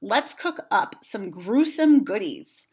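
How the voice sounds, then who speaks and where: A woman voicing a kind, enthusiastic middle-aged wife in a read-aloud storybook, in a warm, sing-song, encouraging manner. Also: mid-range voice, big pitch swings, slow, breathy edge, exaggerated voice. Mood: kindly.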